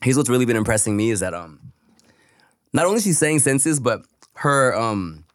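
A man co-hosting a podcast, a father talking casually about his toddler, relaxed and a little profane. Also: medium pitch, moderate pace, no echo, studio quality. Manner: laid-back, says "bro" and "dog", swears casually. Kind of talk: casual chat.

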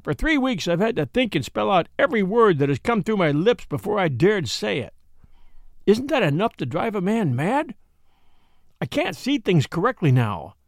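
A man's voice: high voice, big pitch swings, normal speed, dry recording, clean studio sound. A man voicing a desperate, sleepless young Englishman who pleads in a trembling, frantic way. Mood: desperate pleading.

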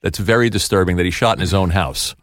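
A man's voice: deep voice, quick pace, no room sound, clean studio sound. A man co-hosting a podcast, chatting casually and enthusiastically about films. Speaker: podcast co-host. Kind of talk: casual chat.

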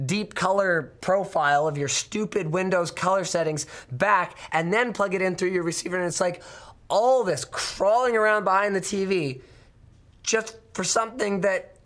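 A man hosting a casual podcast chat, sick and hoarse, talking in an exasperated, ranting way. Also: high-pitched, fairly bright tone. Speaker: show host.

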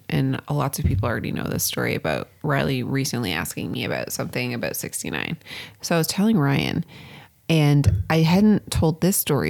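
A woman's voice: sits low, gravelly. A woman in her thirties co-hosting a casual chat podcast, telling stories animatedly and swearing freely. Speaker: podcast co-host.

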